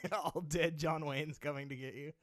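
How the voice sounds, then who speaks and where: A man's voice: fairly high pitch, steady tone, unhurried, a bit bright. A man co-hosting a podcast, riffing goofily in casual banter and laughing a lot. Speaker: podcast co-host.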